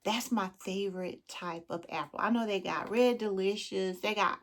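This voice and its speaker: A woman's voice: medium pitch, moderate pace. A woman with a Southern US accent, chatting casually with her viewers as a beauty vlogger and calling them friend and girl. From Southern United States. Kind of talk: casual chat.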